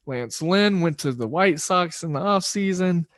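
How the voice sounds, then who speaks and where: A man with a slightly higher voice runs a solo sports betting podcast, chatting loosely and poking fun at himself. His delivery rambles in a relaxed way. The recording is close and dry, with no room sound. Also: unhurried, no echo. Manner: loose, rambling, self-deprecating. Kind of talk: casual solo podcast talk.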